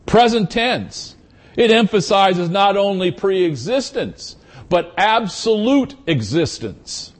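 Male Bible teacher, higher voice, unhurried expository delivery, measured phrasing. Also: animated. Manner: slow, measured, deliberate phrasing.

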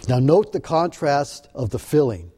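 A man's voice: fairly high pitch, very animated, warm tone, slightly rough. A man preaching a Bible teaching in an earnest, explanatory way, often restarting his sentences. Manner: earnest, halting with repeated restarts. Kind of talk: sermon-style Bible teaching.

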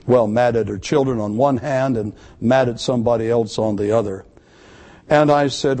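Male pastor, mid-pitched, delivering an emphatic sermon with repeated words for stress. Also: normal speed, a little mellow.

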